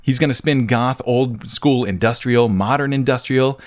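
A man's voice: medium pitch, moderate pace. A man hosting a casual podcast chat, playful and laughing often as he reads through a list. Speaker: podcast host.

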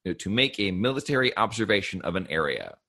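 A man's voice: on the low side, big pitch swings, brisk, bright, forceful tone. A young American man co-hosting a podcast, casually recapping an episode and telling stories. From United States. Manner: laid-back, storytelling with quoted voices. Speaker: podcast co-host.

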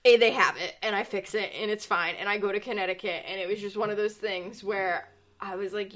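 A woman's voice: medium pitch, fairly quick. Young woman telling a story animatedly. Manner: animated storytelling, lots of "like", laughs often. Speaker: podcast co-host. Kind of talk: casual chat.

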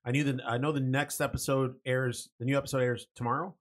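A man's voice: medium pitch, level tone, fast. A young man co-hosting a podcast, chatting enthusiastically, stumbling over words and swearing. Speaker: podcast co-host. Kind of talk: casual chat.

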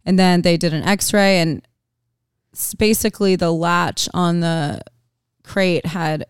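Low-voiced chatty woman podcaster. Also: fairly even intonation, slow pace, clear, resonant tone, dry recording, studio quality. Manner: chatty storyteller, many "like"s. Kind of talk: casual podcast chat.

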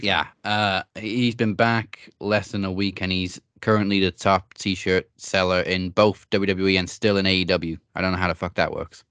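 A man's voice: deep voice, flat delivery, normal speed, few pauses, fairly bright tone, no room sound. A man co-hosting a wrestling podcast in casual chat, laid-back and joking. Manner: laid-back, joking, with frequent fillers and laughs. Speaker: podcast co-host.

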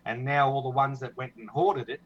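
A man's voice: mid-range voice, fairly even intonation. Australian man, dull lo-fi call audio. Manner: rambling, halting restarts. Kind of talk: casual chat over video call.

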